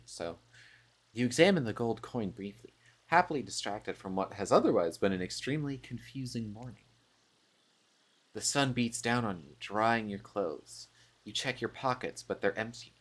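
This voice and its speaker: A man streaming a dating game, reading its text aloud and joking with playful, self-mocking asides. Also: lowish voice.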